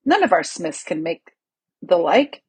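A woman's voice: lowish voice, big pitch swings, a little slow, darkish tone, husky, dry recording, exaggerated voice. A woman reading as a cunning, insinuating lord. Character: cunning, smooth-talking male lord.

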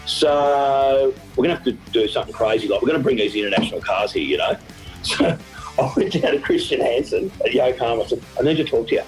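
Aussie bloke, middle-aged, event organizer spinning yarns, laughs a lot, bit of music underneath. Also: male voice, mid-range voice, fast, poor audio. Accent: Australian. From Australia. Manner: animated storyteller, laughs often, acts out quotes. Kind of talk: storytelling interview.

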